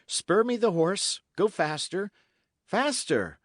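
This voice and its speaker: A man's voice: high-pitched, sing-song, slow pace, dry recording, clean studio sound, voice pushed up, heavily acted. A man playing a bold, hearty young squire. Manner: loud, hearty, forthright.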